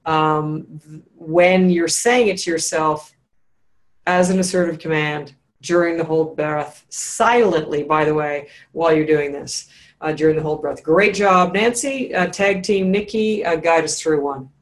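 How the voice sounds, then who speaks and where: Encouraging breathwork coach on a video call. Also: female voice, low voice. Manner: encouraging, instructive, slows down for guided phrases.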